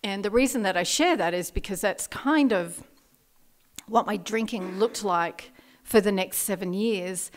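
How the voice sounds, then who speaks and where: A woman tells her recovery story at a meeting, frank and quick to laugh, filling her talk with "you know" and "um." Her voice sits at an ordinary middle pitch. The room around her is very echoey. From Australia. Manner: candid, laughs often, many fillers. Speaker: AA meeting speaker. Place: meeting hall. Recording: very echoey hall.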